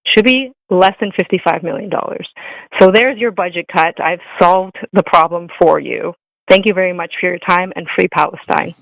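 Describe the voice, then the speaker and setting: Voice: medium pitch, normal speed, gravelly, a bit bright, dry recording, poor audio. A speaker giving an indignant prepared public comment at a council meeting, hammering the same point again and again.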